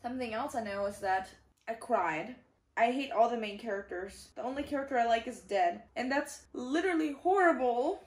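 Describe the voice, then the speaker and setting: Young female book vlogger, tired and chatty, slightly high voice, echoey room. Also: normal speed. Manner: chatty, rambling, dramatic reactions. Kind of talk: casual vlog chat.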